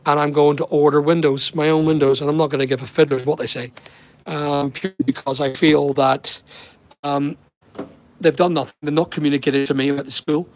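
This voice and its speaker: Here a middle-aged man with a Northern Irish accent, originally from Northern Ireland, talks fairly quickly in a level tone and a fairly high pitch. He's live streaming from holiday accommodation abroad, rambling and responding to comments. A laptop or phone on a weak connection gives a low-quality recording.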